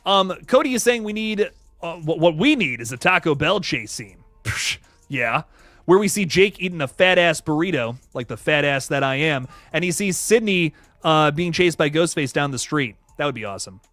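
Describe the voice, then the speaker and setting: A man chats through a livestream and reads viewer comments, rambling with plenty of restarts and laughs. His pitch is a bit high and swings widely as he talks. The recording is dry and close, with a little music playing underneath. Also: animated, moderate pace, a bit bright, no room sound. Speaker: YouTube host reading live chat. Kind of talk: casual livestream chat.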